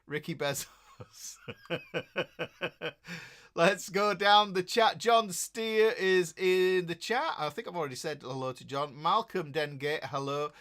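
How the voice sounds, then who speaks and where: Slow-paced yet fairly high and a bit bright, a middle-aged man with a Yorkshire accent rambles through a casual guitar livestream. He keeps it jokey and names viewers as he says hello.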